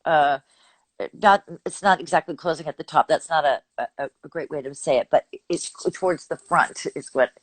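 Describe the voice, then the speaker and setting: This is an older woman from Texas, working as a vocal coach and talking casually in an interview. Her voice sits somewhat low, and she speaks animatedly, laughing often. The recording is dry and close, with little room sound. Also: normal speed, no room sound.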